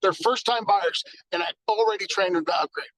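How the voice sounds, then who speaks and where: A man giving an energetic sales training talk, acting out exchanges with customers. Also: sits high, a little fast, rough recording.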